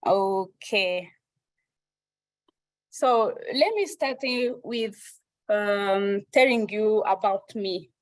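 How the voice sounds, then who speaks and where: A woman's voice: medium pitch, extremely slow, pauses often, no room sound, low-quality recording. A woman from Rwanda starting a hesitant presentation on a video call, with many fillers. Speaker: guest speaker. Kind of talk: online presentation.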